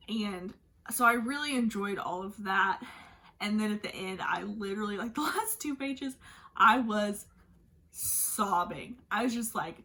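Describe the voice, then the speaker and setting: On her book channel, a woman with a mid-range, pushed and bright voice gushes about her latest reads in a casual review chat, peppering it with "like."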